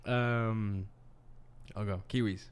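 A man's voice: lowish voice, steady tone, slow pace, smooth. A man hosting a podcast in easygoing casual chat, laughing often. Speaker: podcast host.

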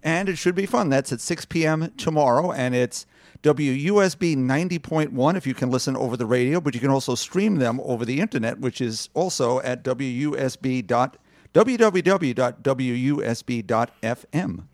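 Relaxed joking co-host man. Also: mid-range voice, normal speed, no room sound. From Long Island, New York. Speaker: podcast co-host. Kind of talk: casual chat.

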